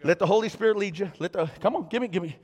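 A man preaching a sermon in a church, animated and exhorting, with call-and-response asides to the congregation. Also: sits high, rapid-fire, slightly rough. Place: church sanctuary. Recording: long reverb of a large hall.

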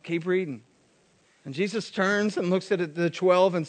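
High-voiced joking pastor man. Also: unhurried. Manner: casual, joking asides. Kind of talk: sermon.

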